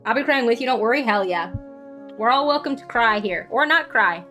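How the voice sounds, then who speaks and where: A woman's voice: a little high, animated, brisk, bright, forceful tone, soft background music. A woman game streamer chatting casually, giggly and trailing off as she plays.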